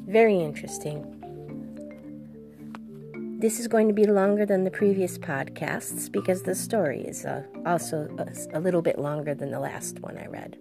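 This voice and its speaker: A woman hosting a podcast reads a story aloud in a gentle, relaxed way. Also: on the low side, moderate pace, vocal fry, over music. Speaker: podcast host reading a story. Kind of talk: storybook narration.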